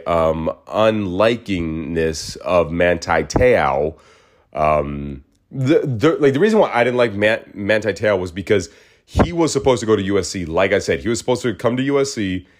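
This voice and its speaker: Rambling, low-voiced male podcast host. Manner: rambling and animated, acts out quoted voices. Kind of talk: casual solo monologue.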